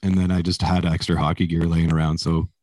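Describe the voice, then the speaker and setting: A man's voice: deep voice, flat delivery, fairly quick, a little mellow. A man being interviewed as a musician, telling stories in a rambling, casual way, swearing often and laughing as he goes. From Canada. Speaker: musician guest.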